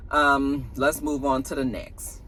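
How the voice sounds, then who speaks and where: A woman's voice: very deep voice, flat delivery, slow, fairly bright tone, breathy edge. A woman, chatting casually about celebrity gossip to her viewers in a sassy, slangy way.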